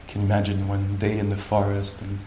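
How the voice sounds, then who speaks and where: A male meditation teacher giving a gentle, playful dharma talk with frequent pauses. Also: fairly low pitch, monotone, slight background noise. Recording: roomy hall with faint ambience.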